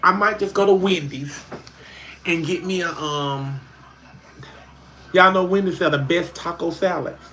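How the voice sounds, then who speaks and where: A man's voice: unhurried, long pauses, bright, forceful tone. A man playing a homey middle-aged Southern woman with an Alabama accent, chatting casually to a livestream audience at home in folksy dialect. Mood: chatty. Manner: coos at the dog in a high voice, folksy dialect. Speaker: livestream host. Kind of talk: casual livestream chat in character.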